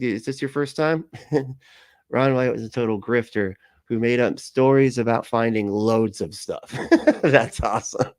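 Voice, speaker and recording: A man's voice: medium pitch, dry recording, clean studio sound. A man hosting a casual livestream, reacting with sarcasm, frequent laughs and rambling asides. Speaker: livestream host reacting to a video.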